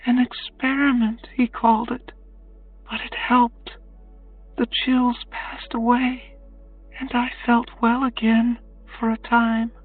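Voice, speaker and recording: A woman voicing a weary young captive woman, speaking in a quiet, halting confession for an audiobook, over faint music. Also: on the high side, little pitch movement. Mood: haunted. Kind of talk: audiobook character voice. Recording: distant tinny phone-like sound, faint music.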